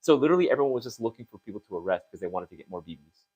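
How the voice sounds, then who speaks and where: A young man in casual chat, telling animated stories with lots of fillers and restarts. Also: fairly low pitch, husky. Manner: fast, animated storytelling with many fillers. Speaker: co-host of a store talk show.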